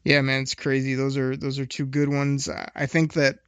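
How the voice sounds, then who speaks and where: Laid-back podcast host guy, smooth gravelly voice, pretty monotone. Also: mid-range voice, normal speed, no room sound. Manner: laid-back, asks long rambling questions. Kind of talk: casual podcast interviewing.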